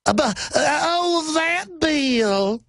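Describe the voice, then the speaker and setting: Man doing a squeaky, flustered drawling politician, dry close sound. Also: a little fast, a bit bright, no echo. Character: congressman with a fake Southern drawl, flustered.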